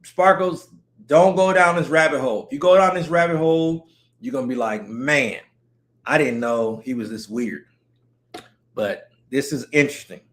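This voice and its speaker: A man's voice: mid-range voice, normal speed. A man chatting casually on a live stream, rambling and joking while greeting viewers as they come in. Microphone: streaming setup mic.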